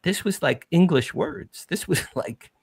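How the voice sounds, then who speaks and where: A middle-aged man from New Jersey, a podcast guest, telling an emotional first-person story with animated, emphatic repetition. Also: a little high, measured pace, gravelly, a crowd in the background.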